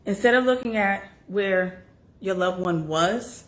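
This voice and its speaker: A woman host talking candidly and emotionally about grief, her voice wavering between soft and loud. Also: medium pitch, unhurried, reverberant. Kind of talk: candid personal talk on grief.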